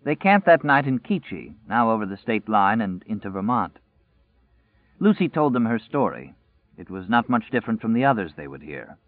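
A man narrating a novel in a measured, even storytelling voice. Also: on the low side, dry recording. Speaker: audiobook narrator. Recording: dry, tinny phone-like sound.

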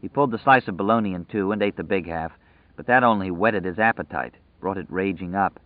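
A man with a fairly low voice narrates a novel as an audiobook, measured and dramatic. The recording is dry with no echo or room sound, though it has a thin, phone-like tinniness.

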